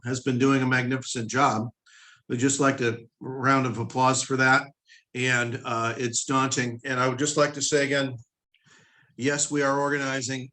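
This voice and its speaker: Bright, earnest man making an announcement. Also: mid-range voice, rough recording. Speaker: committee member. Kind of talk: meeting announcement.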